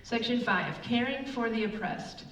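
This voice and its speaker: A woman's voice: fairly high pitch, measured pace. A middle-aged woman giving a casual sermon, telling chatty personal stories with lots of fillers. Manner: chatty, animated storytelling with many fillers. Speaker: church speaker. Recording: roomy, distant, dull with faint room noise.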